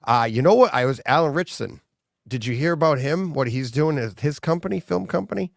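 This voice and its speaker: A man's voice: fairly high pitch, animated, a little fast, vocal fry, dry recording, clean studio sound. A man co-hosting a podcast in casual chat, rambling and laughing often. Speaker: podcast co-host.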